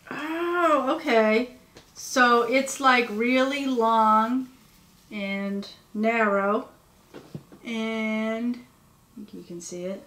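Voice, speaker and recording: A woman's voice: fairly high pitch, drawn-out words, sharp tone, a little hiss or hum. A tired woman rambling and gushing as she unboxes cute merchandise at her home workspace. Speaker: vlogger. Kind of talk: casual unboxing chat. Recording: echoey room with faint ambience.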